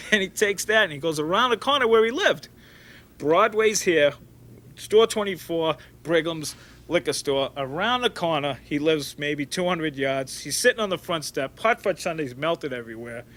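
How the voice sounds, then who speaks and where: Animated man telling stories. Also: a little high, moderate pace. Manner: rambling and animated, with frequent restarts and acted-out quotes. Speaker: interview guest. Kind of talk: storytelling interview.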